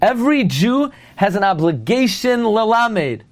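High-voiced man giving an emphatic Torah lecture. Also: unhurried. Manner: emphatic, animated, rhetorical questions to listeners; mixes Hebrew and Yiddish terms into English. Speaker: rabbi teaching Torah.

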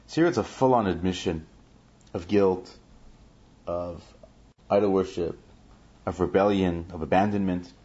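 In a dull lo-fi recording, a man leads a verse-by-verse Bible class, chanting every Hebrew verse and then explaining it in English. His voice sits low and warm, with a measured pace and long pauses.

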